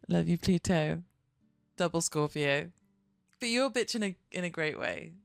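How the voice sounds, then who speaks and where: A woman's voice: fairly low pitch, lively intonation, a little slow, creaky, no room sound, faint music behind. A young woman, chatting casually and expressively on a live stream, swearing and laughing often. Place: at her desk at home.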